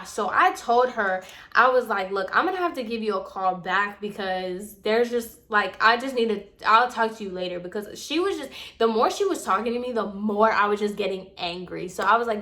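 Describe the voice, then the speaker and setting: A young woman vlogger recounting a story in casual conversation, animated and heated as she quotes the back-and-forth. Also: mid-range voice, normal speed, hardly any pauses.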